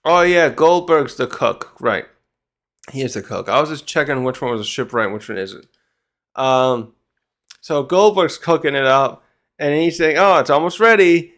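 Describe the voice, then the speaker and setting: A man's voice: mid-range voice, lively intonation, normal speed, a bit bright. A man giving a casual manga chapter review who rambles, gets sidetracked and swears casually.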